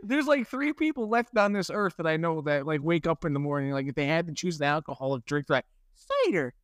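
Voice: mid-range voice, fast, clean tone, no room sound, clean studio sound. A podcast co-host joking and mocking a holiday movie in casual chat, laughing often.

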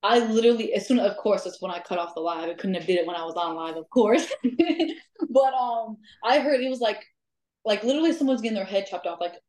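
A woman's voice: medium pitch, quick pace. A woman chatting casually as a guest, telling her stories with plenty of laughs and "um"s along the way. Her voice sits in a middling range, and the room around her is echoey. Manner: lively, laughs often, many "um" fillers. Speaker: guest, amateur ghost hunter. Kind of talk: casual storytelling chat.

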